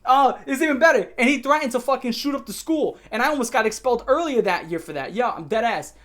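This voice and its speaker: A young man telling a profane storytime rant, brash and boastful, dropping to mutters then shouting. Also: extremely high pitch, lively intonation, fast. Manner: brash, swearing, boastful, swings between mumbling and shouting. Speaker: YouTuber.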